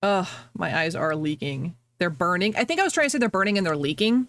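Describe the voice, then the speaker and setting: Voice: medium pitch, very animated, fast, a bit bright. A game streamer chatting casually to viewers while playing, laughing often and apologizing a lot. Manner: talks to chat, reacting to the game.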